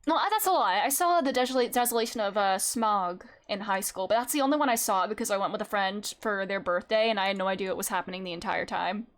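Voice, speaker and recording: A woman's voice: mid-range voice, quick pace, hardly any pauses. A young woman streaming a game, chatting casually with wry, giggly asides. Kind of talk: casual gameplay commentary, reading game text aloud.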